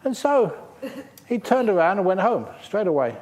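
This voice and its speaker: A man's voice: sits high, moderate pace. A man, a Buddhist monk teacher, giving a dharma talk and answering questions, playful and humorous as he tells stories. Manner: lively storyteller, playful and humorous. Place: retreat centre hall.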